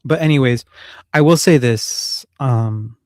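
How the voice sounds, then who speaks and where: A man's voice: medium pitch, slow, a little mellow, dry recording, studio quality. A man hosting a casual live stream from home, rambling, swearing and joking with his audience. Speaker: livestream host.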